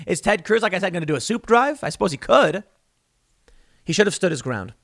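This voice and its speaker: Hosting his own commentary show, a man delivers a dry, sarcastic monologue in a rather high voice that swoops and jumps with animated emphasis, as if performing each line. He speaks at normal speed, close-miked with no echo.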